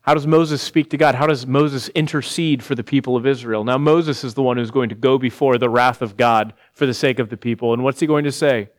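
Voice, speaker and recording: A middle-aged man preaching an evening sermon, reading scripture and turning animated and emphatic, with laughing asides. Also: medium pitch, fairly quick, few pauses. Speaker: pastor.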